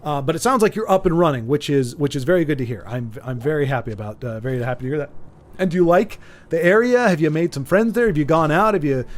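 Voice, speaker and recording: A man's voice: a little high, expressive, fast talker. A man streaming a game, chatting casually and rambling with stammers and repeated words as he answers viewer chat. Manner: reads viewer chat aloud and teases. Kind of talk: casual chat while gaming.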